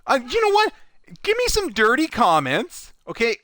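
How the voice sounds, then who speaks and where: A man chatting casually on a live stream, telling a work story with lively swings between loud and soft and acting out the people in it. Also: very high-pitched, moderate pace, dry recording.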